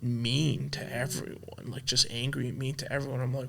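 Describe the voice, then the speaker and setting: A man in his thirties, a pastor and podcast guest, telling a personal story in a soft-spoken, halting way with many restarts, emotional and choked up. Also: mid-range voice, level tone, gravelly, a crowd in the background. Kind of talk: candid conversational storytelling.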